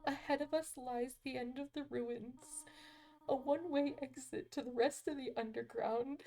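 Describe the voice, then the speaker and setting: A woman reading aloud the lines of a gentle, motherly female goat monster from a video game, in a soft, measured, solemn way. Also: sits high, steady tone, creaky, pitched above the performer's own voice.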